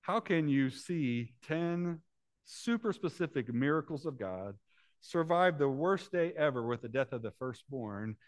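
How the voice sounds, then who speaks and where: A man preaching a sermon as pastor, rising to loud animated storytelling and dropping to soft hushed appeals. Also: a little high, a little slow, dry recording.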